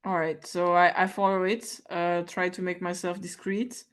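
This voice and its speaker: Excitable woman playing a tabletop game. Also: fairly low pitch, moderate pace. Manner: animated, exclaiming and hesitant. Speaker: player.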